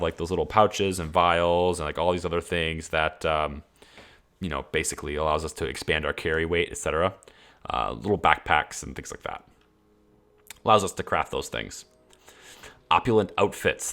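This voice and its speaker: Male streamer, deep voice, casual enthusiastic rambler, faint background music. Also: fairly bright tone. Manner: rambling, enthusiastic, many fillers and restarts. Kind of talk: casual walkthrough of game mods.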